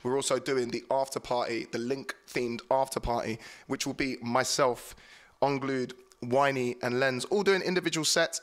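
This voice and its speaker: A man hosting a drum and bass podcast, chatting casually and excitedly between tracks, joking and tripping over his words. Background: drum and bass music playing.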